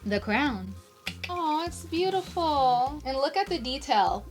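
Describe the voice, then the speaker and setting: A woman's voice: high voice, lively intonation, slow, faint music behind. A young woman, a pageant titleholder, gushing and emotional while chatting casually through an unboxing vlog.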